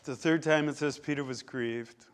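A man preaching a sermon, emphatic, swinging between loud stressed words and quiet, low drops. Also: steady tone, normal speed.

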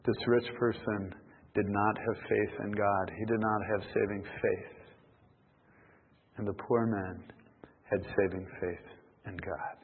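A man preaching a sermon emphatically, swinging from loud outbursts to near whispers. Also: on the low side, steady tone, unhurried, pauses often, husky. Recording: tinny phone-like sound in a reverberant hall.

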